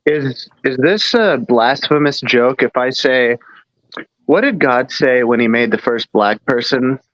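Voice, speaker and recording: A man's voice: mid-range voice, a little slow, fairly bright tone, dry recording. A man in a casual podcast chat, joking in a blunt, irreverent way. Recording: dull, muffled audio.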